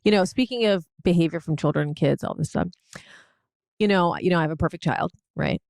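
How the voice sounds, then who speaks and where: A woman's voice: lowish voice, brisk, vocal fry, a little mellow, no room sound, clean studio sound. Wry teasing woman co-hosting a podcast. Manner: wry, teasing anecdotal storytelling. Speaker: podcast co-host. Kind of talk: casual chat.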